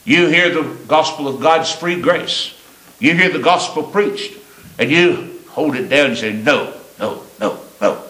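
An older man preaching a sermon in a church, his emphasis swinging from loud rising lines to low quiet asides. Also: measured pace, reverberant, low-quality recording. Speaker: pastor. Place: church sanctuary.

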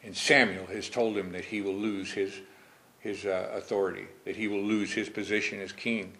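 A man's voice: fairly low pitch, flat delivery, moderate pace, bright, forceful tone. A man preaching a Bible study. He reads scripture verses formally, then comments on them in a conversational way and asks his congregation questions.

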